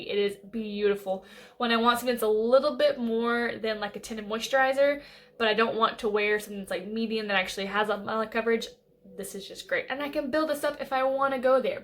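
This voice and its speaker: Gushing young woman beauty vlogger. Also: a little high. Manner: gushing, enthusiastic, lots of fillers and restarts. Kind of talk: casual makeup favorites chat.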